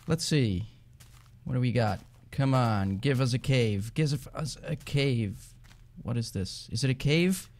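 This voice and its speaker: A man with a Dutch accent, rambling chattily as he plays and narrates a game, and quick to get excited. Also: mid-range voice. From Netherlands. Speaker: gaming channel host. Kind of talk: casual let's-play commentary.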